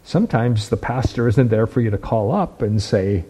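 A man's voice: mid-range voice, lively intonation, moderate pace, dark tone, slightly rough. A man preaching a sermon, making emphatic points and checking in with his listeners by asking "right?" and "okay?". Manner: repeats and restarts words while building points.

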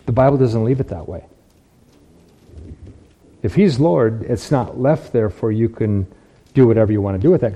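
Earnest man preaching in a dark voice. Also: medium pitch. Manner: earnest, repeats phrases for emphasis. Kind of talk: sermon with scripture reading.

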